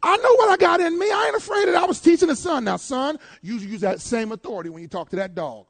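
A man preaching a sermon, calling out to his congregation and swinging between loud declarations and hushed asides. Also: extremely high pitch, fast, vocal fry.

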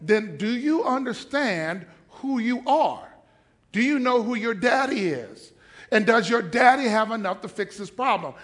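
A male pastor delivering a sermon in a church, moving between quiet, conversational asides and shouted declarations, and calling on the congregation to respond. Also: very high voice, animated, a little slow.

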